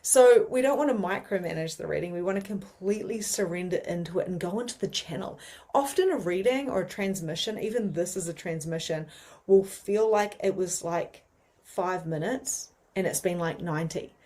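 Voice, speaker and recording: A woman with a New Zealand accent teaching mediumship in a chatty, animated way, with many fillers. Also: lowish voice, normal speed. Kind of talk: casual teaching monologue.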